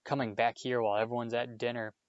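A man's voice: mid-range voice, level tone, quick pace, dry recording, dull audio, lightly acted. A man voicing a bossy teenage prefect who scolds in a fussy, stern way.

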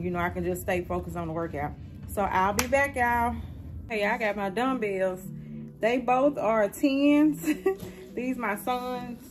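A woman chatting casually to her viewers in a home vlog, reviewing a product and calling her audience "y'all". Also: mid-range voice. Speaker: vlogger. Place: at home indoors.

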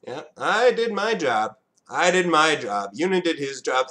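A man talks through his own match in a casual, excitable way. His voice sits a little high and leaps around in pitch. He drops to mutters, then bursts into shouts. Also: a little slow. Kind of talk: casual gameplay commentary.

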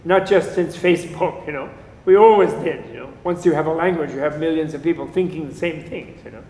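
A man's voice: fairly high pitch, a little fast, darkish tone. A man teaching a class on Buddhism in a casual, digressive lecture, joking and chuckling as he goes. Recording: echoey lecture room.

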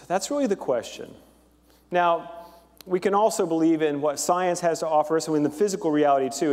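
A male pastor giving a sermon in a church, chatty and animated, with fillers as he tells a joke and lays out his points. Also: on the high side. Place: large church sanctuary. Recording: long hall reverb.

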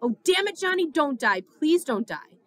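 A woman voicing a volatile teenage boy gang tough who talks loud and rough in slang. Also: high voice, lively intonation, fast talker. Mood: desperate.

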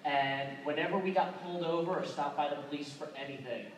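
A man's voice: fairly high pitch, a little fast. A young man from Tennessee giving a casual convention talk, loose and chatty with lots of filler sounds and restarts. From Tennessee, USA. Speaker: convention panel speaker. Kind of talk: casual presentation. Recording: echoey room recorded from far off, background noise.

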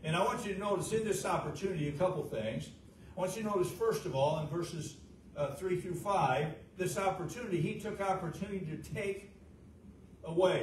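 A fervent middle-aged male pastor preaching in a folksy way, with a fairly high voice that climbs louder at its peaks and sinks low and quiet. He sounds set back from the mic in a roomy church sanctuary, with a steady noisy hiss in the recording. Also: distant mic. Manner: folksy, with frequent "uh" fillers. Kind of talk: sermon.

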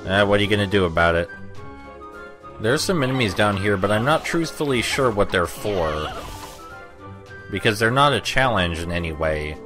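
Deep-voiced sarcastic man commentating gameplay. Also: expressive, normal speed, long pauses, music in the background. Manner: sarcastic, rambling. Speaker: let's play commentator.

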